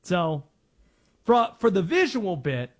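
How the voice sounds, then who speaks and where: A man's voice: sits high, expressive, unhurried. A man from North Carolina hosting a sports talk radio show, chatting and explaining. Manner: conversational, explanatory.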